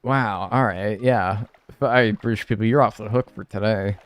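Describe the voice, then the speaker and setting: A man's voice: fairly low pitch, fairly even intonation, normal speed, faint music behind. A young man live-streaming, reading viewer messages and answering them in casual, joking banter with bursts of mock outrage.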